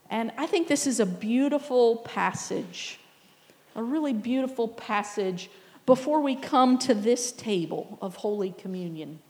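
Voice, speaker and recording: A woman's voice: fairly high pitch, animated, unhurried, in a large hall. A woman pastor preaching a sermon in a conversational, reflective way, often asking the listeners questions. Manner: reflective, with soft laughs.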